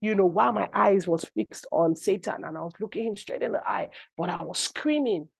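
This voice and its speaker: Here a middle-aged woman preacher and apostle talks briskly in a mid-range, gravelly, husky voice, with no room sound around her. She shares personal testimony in her sermon, narrating with animation and rising to cries.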